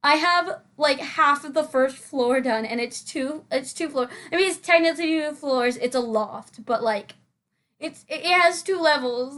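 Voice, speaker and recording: A woman's voice: high-pitched, a bit bright. A young woman hosting a game-building video, chatting casually in a rambling, giggly way with lots of fillers and restarts. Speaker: Sims building channel host. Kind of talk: casual voice-over chat.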